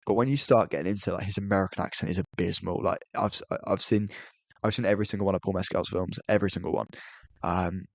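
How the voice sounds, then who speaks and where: A man's voice: low voice, fairly even intonation, fast, gravelly, no echo. A man co-hosting a podcast, talking earnestly about films with frequent stammered restarts. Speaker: podcast co-host. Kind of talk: casual film review chat.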